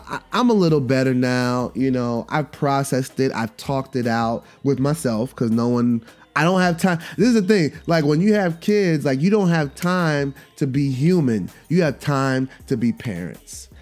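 A man's voice: medium pitch, a little mellow. A man in his thirties hosting a casual solo podcast, talking candidly and rambling, with lots of fillers, restarts, casual swearing and laughter at his own stories. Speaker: podcast host.

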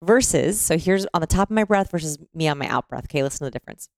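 Low-voiced woman with gravelly fry. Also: rapid-fire, no room sound, clean studio sound. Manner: animated, demonstrates voices mid-explanation. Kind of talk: conversational explaining on a podcast.

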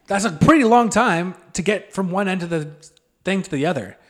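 A man co-hosting a podcast, telling his side of a story in a relaxed, offhand, profane way. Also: high voice, normal speed. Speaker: podcast co-host. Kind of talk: casual chat.

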